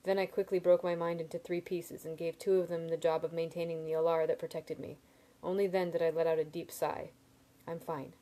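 A woman reading a novel aloud in steady first-person narration, with small slips and restarts. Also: fairly low pitch, fairly quick. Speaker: reader.

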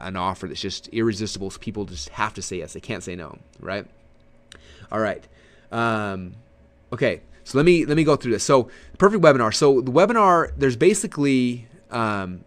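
A man running a recorded webinar training, talking at a quick clip with lots of energy. He leans forward and gestures as he explains, and his words tumble out fast, close to the mic. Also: fairly low pitch. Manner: energetic, animated delivery, sitting forward and gesturing. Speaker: marketing trainer.

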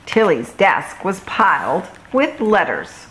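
Woman, children's story reader, slow, expressive, lowish voice. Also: background noise. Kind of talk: storybook read-aloud.

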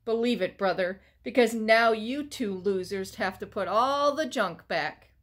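A woman voicing a cocky young boy who brags loudly after winning a game, in a storybook read-aloud. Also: medium pitch, unhurried, lightly acted. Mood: boastful. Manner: bragging, loud.

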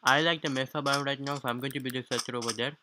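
A man's voice: mid-range voice, steady tone, very fast, noisy background. A man with a non-native English accent gives a let's-play commentary on a game, explaining things in formal, slightly stilted phrasing. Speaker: gaming YouTuber. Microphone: low-quality home mic.

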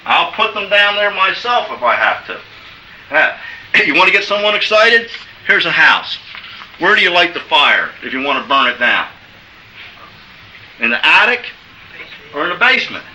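A man's voice: high voice, pushed and bright, far from the mic, slight background noise. Emphatic man lecturing in an echoey room. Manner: emphatic, coaxing, asks "okay?" often. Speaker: business seminar speaker. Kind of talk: motivational seminar talk.

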